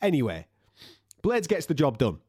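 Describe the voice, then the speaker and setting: Animated ranting man. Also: a little high, normal speed, husky, no echo, clean studio sound. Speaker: podcast co-host. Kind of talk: casual sports chat.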